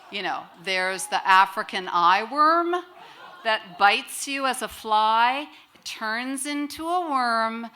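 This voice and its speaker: A middle-aged woman telling a personal story live to an audience, in a lively, wry way, acting out quoted voices. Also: medium pitch.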